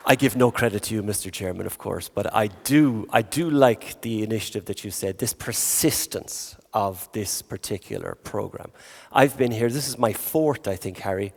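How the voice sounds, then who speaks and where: A man's voice: fairly low pitch, normal speed, creaky, hardly any pauses. A man with an Irish accent moderating a conference panel on stage, chatty and joking as he works the crowd. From Ireland. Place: large conference hall. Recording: long hall reverb.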